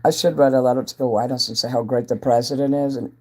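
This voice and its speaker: A man's voice: medium pitch, fairly even intonation, quick pace. A man, a self-styled entertainer, rambling casually on a livestream, greeting viewers by name and chatting about whatever comes to mind.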